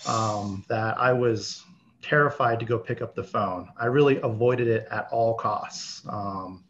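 A man in his thirties who stutters, talking casually as an interview guest, with many pauses and fillers. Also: fairly low pitch, a bit bright. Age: 30s. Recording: slightly dull audio with faint background hiss.

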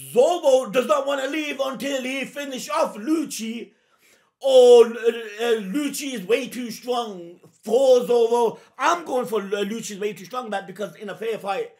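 A man reacting live to a comic chapter in a very high, gravelly voice. He talks excitably in slang and keeps bursting into shouts. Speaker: reaction video host. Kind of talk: live manga reaction and commentary.

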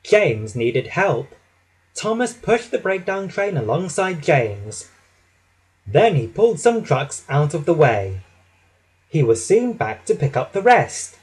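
Slow, expressive male storybook reader. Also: on the high side, husky, poor audio. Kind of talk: children's story narration.

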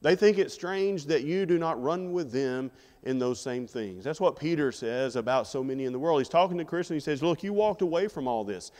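A man's voice: mid-range voice, fairly quick, a little mellow. Male preacher, sermon, conversational, rhetorical questions, mid-range voice, long reverb of a church hall. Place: church sanctuary.

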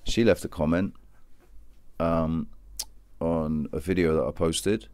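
A man's voice: extremely low pitch, fairly even intonation, slow, darkish tone, smooth, no room sound. A man, rambling to camera in a self-mocking, joking way and swearing freely. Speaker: vlogger.

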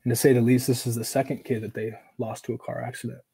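A man's voice: medium pitch, little pitch movement, fast talker, vocal fry, warm tone, slightly rough, poor audio. A man from Oregon, a podcast guest, telling a personal story in casual, filler-heavy speech, acting out quoted dialogue, earnest and emotional. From Oregon, USA.

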